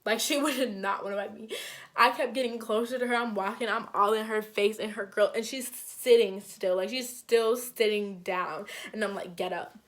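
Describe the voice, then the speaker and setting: A woman's voice: medium pitch, normal speed. Young woman telling a wild story. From Minnesota. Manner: animated, heavy use of "like", acts out quotes. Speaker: storytime vlogger. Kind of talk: casual storytelling.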